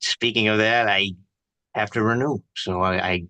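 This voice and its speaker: A man's voice: fairly low pitch, fairly even intonation, moderate pace, bright, forceful tone, dry recording. A man chatting casually on a video call, hesitant, with many restarts.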